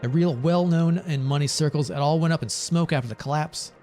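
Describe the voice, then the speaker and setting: The man's voice runs on the high side, darkish yet close to ordinary speech, delivered briskly with soft music behind it. He performs the lines of a bitter former financier, an older man ranting, swearing and rambling about war and greed.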